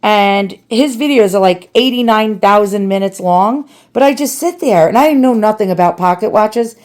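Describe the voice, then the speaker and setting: A chatty woman restoring antiques speaks to her viewers in a New York accent while cleaning an old piece at home, often making fun of herself. Her voice is medium-pitched, a little mellow, at normal speed.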